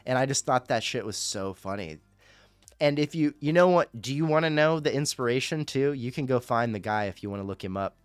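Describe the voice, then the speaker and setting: A man's voice: mid-range voice, expressive, a little fast, smooth, no room sound. A man hosting a fan radio show, chatting casually on a livestream in a rambling, profane and jokey way.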